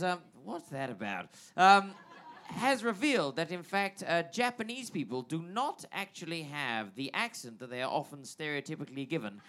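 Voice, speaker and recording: High-voiced man doing mock news. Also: a bit bright, a little hiss or hum. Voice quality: hesitant, laughing through lines. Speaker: comedy podcast host. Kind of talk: improvised mock news reading.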